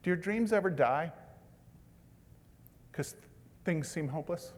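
A man preaching a sermon, dropping to a hushed tone for tender lines and rising to loud, emphatic bursts. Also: a little high, animated, measured pace. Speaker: pastor. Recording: long hall reverb.

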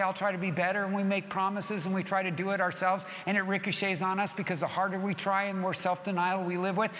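A middle-aged man preaching a sermon as pastor, telling stories in an animated way that swings from soft to loud. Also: high-pitched, in a large hall.

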